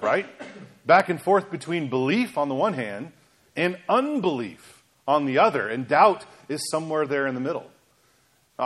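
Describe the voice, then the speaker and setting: A man preaching a sermon in an animated, emphatic way, asking rhetorical questions of his congregation. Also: medium pitch, slightly rough. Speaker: pastor.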